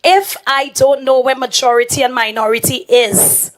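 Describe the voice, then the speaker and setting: A woman delivers a formal speech to students in an assembly chamber. Her voice is slightly high and a little strained. She poses rhetorical questions to her listeners. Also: fairly even intonation, moderate pace, rough recording. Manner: rhetorical, asks the room questions. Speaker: education secretary giving remarks.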